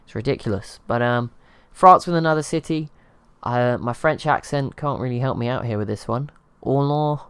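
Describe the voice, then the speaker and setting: A man's voice: medium pitch, normal speed, fairly bright tone, clean tone, no echo. Rambling man narrating strategy gameplay. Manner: rambling, self-deprecating, chuckles at himself. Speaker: gaming channel host. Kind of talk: casual gameplay commentary.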